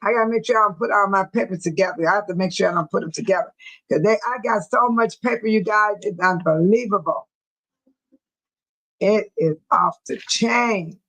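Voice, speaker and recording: A woman's voice: mid-range voice, a bit bright, poor audio. A woman hosting a casual livestream, chatting with viewers, repeating herself and laughing often. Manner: repetitive, chatty, quick to laugh. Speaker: livestream host. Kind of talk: casual live chat with viewers.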